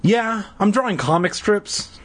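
Storybook kid, man reading as a breezy boy, husky, casual delivery. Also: high-pitched, unhurried, pitched above the performer's own voice. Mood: offhand. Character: breezy young schoolboy.

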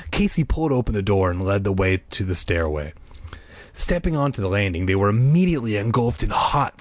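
A man reading a story aloud in an expressive way, breaking in with deadpan comic asides. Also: fairly low pitch, no echo. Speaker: narrator.

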